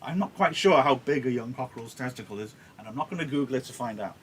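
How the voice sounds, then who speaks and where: A man's voice: medium pitch, lively intonation, fast, a little hiss or hum. A man teaching a play on a livestream, explaining in a chatty way with wry asides. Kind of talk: casual livestream lesson on a play.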